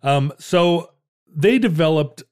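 A man's voice: a little high, lively intonation, slow pace, darkish tone, smooth, no echo, clean studio sound. A man co-hosting a casual history chat, rambling with many restarts and playful jokes. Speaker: podcast co-host.

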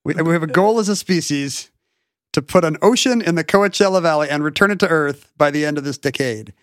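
A man co-hosting a podcast who fires off jokes and questions at a brisk clip. His voice sits a little high for a man. The sound is dry and close, with no room around it. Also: a bit bright, smooth, no room sound. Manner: quick joking interjections, playful asides. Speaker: podcast co-host. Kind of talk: casual banter.

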